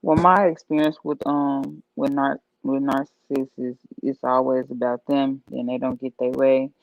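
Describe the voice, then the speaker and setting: A woman's voice: a bass voice, level tone, moderate pace, creaky, no room sound, highs cut off. A woman in casual chat on a live stream panel, talking frankly and rambling a little.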